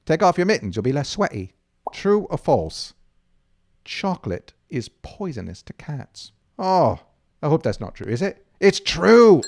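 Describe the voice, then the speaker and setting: Goofy, animated man hosting a kids' game. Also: medium pitch, normal speed. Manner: goofy, playful, self-mocking. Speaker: camp counselor host.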